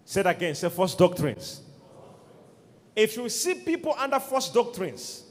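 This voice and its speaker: A man's voice: high voice, sing-song, a little slow. A man preaching a sermon as pastor, with emphatic call-and-response to the congregation. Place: church. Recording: long hall reverb.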